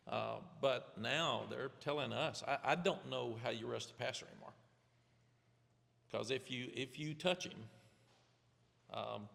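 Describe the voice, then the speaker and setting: A man in his seventies, a head coach answering press questions candidly, rambling with restarts in a gravelly voice. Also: mid-range voice, a bit bright, long reverb tail. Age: 70s. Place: press conference room.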